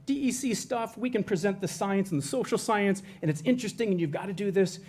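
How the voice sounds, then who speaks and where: A man's voice: sits high, animated, fast, a little mellow, a little hiss or hum. A man presenting for a state environmental agency, talking in a conversational way with frequent restarts and self-corrections. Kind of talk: educational presentation.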